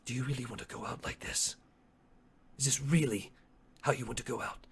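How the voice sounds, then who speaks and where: A man's voice: mid-range voice, steady tone, brisk, husky. A man voicing a scarred, menacing male triceratops warrior in a tabletop game, speaking with threat and intensity. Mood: taunting.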